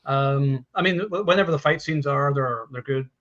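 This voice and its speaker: A man's voice: mid-range voice, normal speed, a bit bright. A man hosting a casual movie chat on a live stream, rambling and swearing with lots of restarts. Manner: profane, rambling with restarts and laughs. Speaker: podcast host. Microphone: home mic on a video call stream. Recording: dull lo-fi stream audio.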